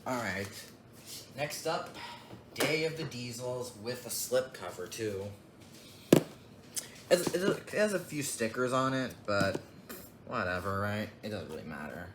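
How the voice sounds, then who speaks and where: In an echoey room with clearly audible background noise, a young man rambles offhandedly while showing off his disc collection in a casual unboxing vlog, muttering asides. His mid-range voice swings widely in pitch, and he speaks a little slowly with frequent pauses.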